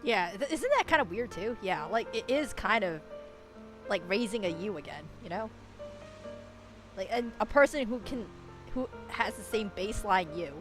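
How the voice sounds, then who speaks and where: A woman's voice: medium pitch, lively intonation, moderate pace, over music. A woman streamer giving casual game commentary, chatty and swearing, swinging into emotional rants.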